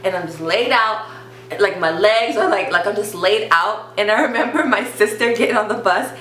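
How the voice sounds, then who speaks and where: A young woman vlogger telling a storytime in casual chat, with constant "like" fillers and an animated retelling. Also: medium pitch, moderate pace, a little hiss or hum. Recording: echoey room.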